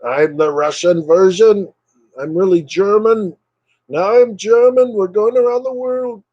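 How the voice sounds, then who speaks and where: A man's voice: high voice, measured pace, a little mellow, highs cut off, voice pushed up. A man putting on a playful, exaggerated voice as a joking character who keeps switching nationalities. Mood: goofy. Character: goofy man hopping between nationalities, joking.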